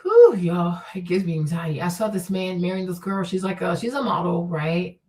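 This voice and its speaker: On her casual vlog, this woman voices blunt opinions with emphasis and plenty of profanity, peppering her talk with "okay?" and "right?". Her voice is on the low side, animated and mellow, at a moderate pace, with the mic placed far away.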